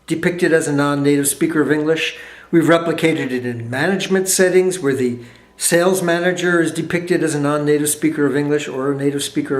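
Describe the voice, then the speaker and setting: A man being interviewed as a researcher, explaining his studies with animated storytelling and quick asides. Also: fairly high pitch, roomy sound.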